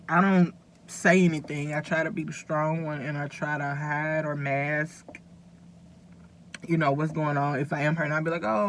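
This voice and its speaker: A woman's voice: sits low, a little hiss or hum. A woman vlogger talking casually and earnestly to her viewers, rambling a little as she gives them advice. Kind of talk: casual direct-to-camera talk.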